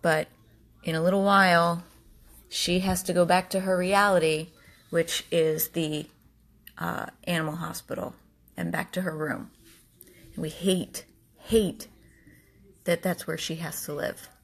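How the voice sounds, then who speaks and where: A woman's voice: fairly low pitch, little pitch movement, normal speed, gravelly. A woman, a dog rescue volunteer, earnestly pleading with viewers in a home video.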